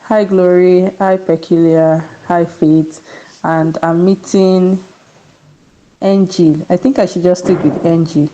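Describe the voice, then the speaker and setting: A woman's voice: on the low side, fairly even intonation, takes it slowly, mellow, dull audio, a little hiss or hum. A woman speaking as a guest on a video call, a little under the weather, chatty and laughing often. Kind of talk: online talk. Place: home with a generator running nearby.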